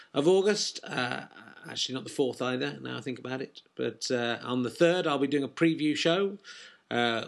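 A man's voice: fairly high pitch, a bit bright. A man in his forties, a comedian and podcast host, giving a rambling, wry promotional monologue full of ums and uhs.

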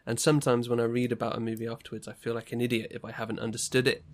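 Relaxed teasing man. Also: medium pitch, racing, a little hiss or hum. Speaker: podcast co-host. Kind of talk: casual chat.

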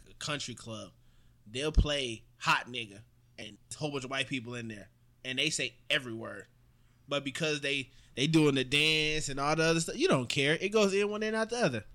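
A man's voice: medium pitch, sharp tone. A young man co-hosting a casual podcast chat, provocative and joking, laughing often. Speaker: podcast co-host.

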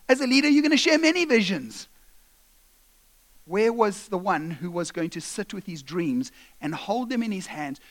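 Animated high-voiced male preacher. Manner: animated storytelling, acting out voices. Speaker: pastor. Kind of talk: sermon.

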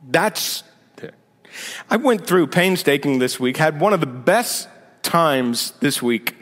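Pastor preaching in a reverberant hall. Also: male voice, on the high side, lively intonation, slow pace, fairly bright tone. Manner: conversational preaching, sarcastic asides, rising to emphatic points. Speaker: senior pastor. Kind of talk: sermon. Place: church sanctuary. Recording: long reverb of a big hall.

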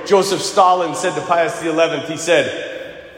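A man's voice: a little high, moderate pace. A man preaching as a Catholic priest, telling stories and acting out the quotes. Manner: animated storytelling with acted quotes. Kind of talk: sermon. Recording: echoey church hall.

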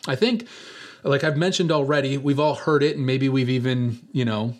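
A young man preaching a sermon, telling a personal story in a relaxed, conversational way with many filler words. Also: medium pitch, normal speed. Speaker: pastor.

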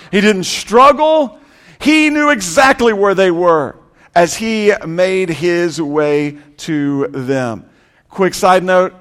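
High-voiced man preaching in a reverberant hall. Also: lively intonation, measured pace. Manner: preaching with rising and falling intensity, repetitive emphatic lists. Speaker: pastor. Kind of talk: sermon.

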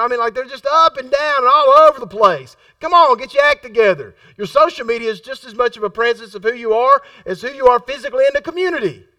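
A man's voice: extremely high pitch, sharp tone, dry recording, far from the mic. A middle-aged man preaching a sermon in a conversational style, repeating phrases for emphasis and acting out the voices in his stories. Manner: acts out quoted voices in his storytelling.

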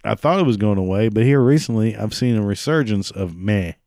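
A man's voice: lowish voice, fairly quick, darkish tone, dry recording, clean studio sound. A man ranting in a sarcastic, mocking, profane monologue. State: prone to coughing fits.

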